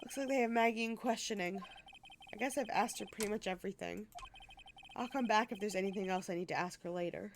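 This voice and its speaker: A woman's voice: medium pitch, quick pace, a little hiss or hum. A young woman streaming a video game, chatting to viewers with laughing asides.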